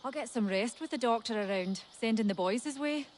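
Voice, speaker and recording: A woman's voice: a little high, fairly quick, close to an everyday voice. A practical frontier mother from a video game talks plainly in a raised voice, voiced by a woman. Her manner is matter-of-fact. A faint hum lies beneath her.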